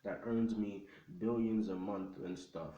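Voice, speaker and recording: A man's voice: fairly low pitch, steady tone, a little slow, roomy sound, recorded from a distance, muffled recording, lightly acted. A man voicing a nervous, bashful teenage boy who stammers and pleads. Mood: sheepish.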